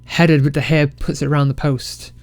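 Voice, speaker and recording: A man casually commentating his football management game, excitable and self-mocking. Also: on the high side, moderate pace, dry recording. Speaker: game let's-play creator.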